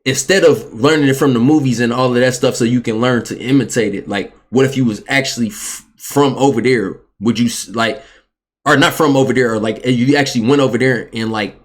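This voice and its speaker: A man's voice: mid-range voice, brisk. A man in casual podcast chat, rambling and searching for his words as he asks questions. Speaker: podcast host.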